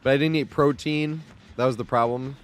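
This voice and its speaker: Male streamer, 30s, casual and rambling, quick to laugh, swears freely, home desk mic. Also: mid-range voice, fairly even intonation, faint music behind. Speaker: live game streamer. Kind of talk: casual live-stream chat.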